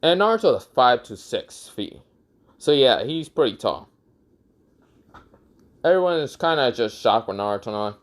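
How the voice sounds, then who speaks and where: A man's voice: medium pitch, very animated, moderate pace, long pauses. A young man casually improvising a story, rambling and crude with lots of fillers and self-corrections.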